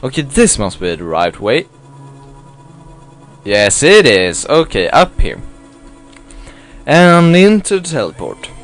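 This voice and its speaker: A man's voice: mid-range voice, sing-song, unhurried. Rambling man narrating his gameplay. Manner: rambling, self-mocking, apologetic, swears. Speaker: let's play gamer. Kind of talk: casual game commentary. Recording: faint game music behind.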